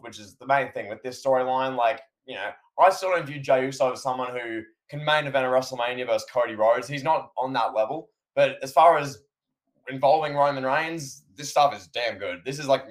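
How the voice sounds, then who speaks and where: A man co-hosting a podcast, chatting enthusiastically and often turning to his co-host by name. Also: mid-range voice. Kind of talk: casual podcast chat.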